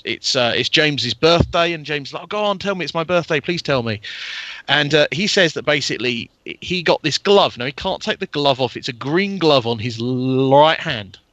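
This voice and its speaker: A man's voice: a little high, sharp tone, no room sound. A man co-hosting a podcast, chatting eagerly and spinning theories about a TV show. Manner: enthusiastic, theorizing. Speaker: podcast co-host. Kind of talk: casual chat.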